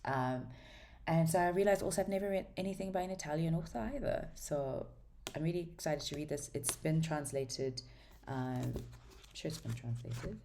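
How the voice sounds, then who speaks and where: A woman's voice: low voice, normal speed, mellow, a little hiss or hum. A woman chatting casually through a book haul, rambling and enthusiastic, full of ums and restarts. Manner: enthusiastic about books. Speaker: book vlogger.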